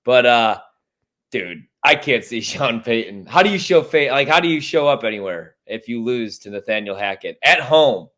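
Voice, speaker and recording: A man hosts a casual sports podcast, and his pitch swings widely as he fires off blunt, profane opinions. He talks in a loose, animated way. He is from Chicago. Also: normal speed.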